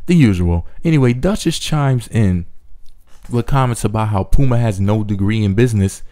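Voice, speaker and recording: Brief: male recap commentator, snarky and sarcastic, mellow dark tone. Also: lowish voice, normal speed. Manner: sarcastic, mocking asides.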